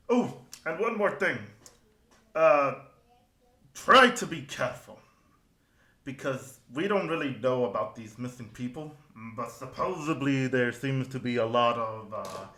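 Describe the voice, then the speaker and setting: A friendly dwarf station hand gossips heartily, dropping "aye" and "eh" between his words, as a man puts him on. The voice is bright and forceful. It rings in a roomy, echoey space. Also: mid-range voice. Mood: concerned. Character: chatty friendly male dwarf station worker.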